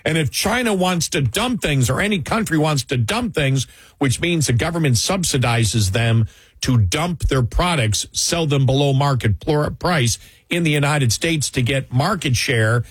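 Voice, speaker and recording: Husky, indignant man. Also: fairly high pitch, lively intonation, measured pace, no echo. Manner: heated, indignant. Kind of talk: political talk show discussion.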